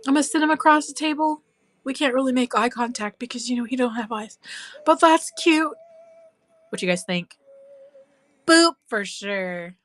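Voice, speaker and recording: A woman's voice: a little high, normal speed, fairly bright tone. A woman chatting casually on a live craft stream, cooing and squealing with delight as she works. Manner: bubbly, coos and squeals over her craft.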